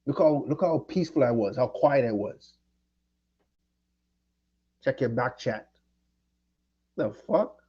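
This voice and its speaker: A man's voice: medium pitch, expressive, takes it slowly, long pauses, husky, highs cut off. A man from Jamaica ranting angrily and profanely at someone during his livestream. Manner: angry, profane, confrontational. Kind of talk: heated livestream rant.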